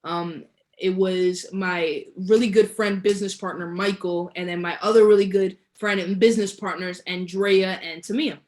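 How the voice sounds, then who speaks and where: A woman's voice: fairly low pitch, moderate pace. Young woman telling a story. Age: young adult. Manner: lively storyteller, laughs often, stretches key words. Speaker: guest, entrepreneur. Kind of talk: casual storytelling interview.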